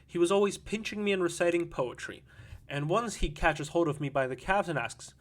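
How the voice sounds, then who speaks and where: A rambling, boisterous drunken woman spills out her messy tale, read by a man in an audiobook. The voice sits fairly high for a man and tumbles on without pause. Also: close to an everyday voice. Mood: brash. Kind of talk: audiobook reading.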